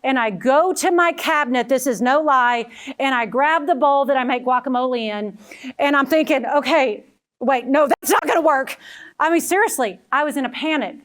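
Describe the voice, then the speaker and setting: A woman's voice: sits high, fairly quick, fairly bright tone. A middle-aged woman giving a motivational talk, telling personal stories and calling the audience "friends.". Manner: storytelling, addresses audience as friends. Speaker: keynote speaker.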